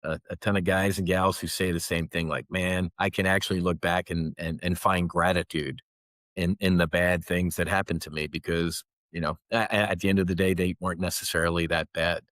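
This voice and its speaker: An American former fighter pilot in his fifties speaks candidly and intensely in an interview, often restarting before pushing words out with emphatic rises. His low voice is brisk and fairly bright, with little pitch movement and no room sound.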